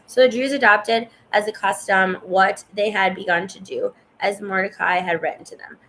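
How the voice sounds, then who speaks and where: A woman's voice: medium pitch, steady tone, moderate pace, few pauses, fairly bright tone, a little hiss or hum, rough recording. A woman reading scripture aloud in a casual way, stumbling over hard names and stopping to cough. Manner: stumbles over names, chatty asides to the viewer. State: coughing and yawning. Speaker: Bible reader.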